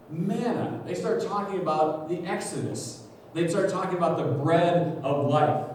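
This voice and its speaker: A man's voice: fairly high pitch, darkish tone, slight background noise. A pastor giving a conversational sermon, thinking aloud with restarts as he explains scripture. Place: church sanctuary. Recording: echoey livestream from far off.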